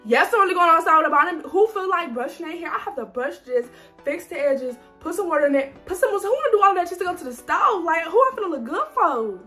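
A woman's voice: very high-pitched, big pitch swings, fast talker, sharp tone, faint music behind. A young woman, vlogging casually in a big store, giggly and nervous as she talks to her viewers. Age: young adult. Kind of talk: casual vlog chat.

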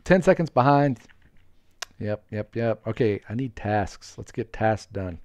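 A man streaming a game live, chatting with viewers, greeting them by name, laughing often and getting excited. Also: fairly low pitch, a little slow, dry recording. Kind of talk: live gameplay commentary with viewers.

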